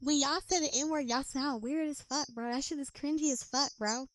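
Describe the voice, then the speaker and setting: A woman's voice: high-pitched, moderate pace. A woman from the United States, a content creator, ranting bluntly and profanely to camera in a casual way. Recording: clicky noisy recording.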